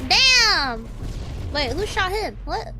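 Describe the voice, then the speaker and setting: A young woman streaming a shooter game, reacting excitably, shrieking and swearing as she plays. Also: very high voice, slow pace, loud music behind the voice. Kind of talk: live gameplay commentary. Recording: loud game gunfire under voice. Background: shooter game sounds and gunfire.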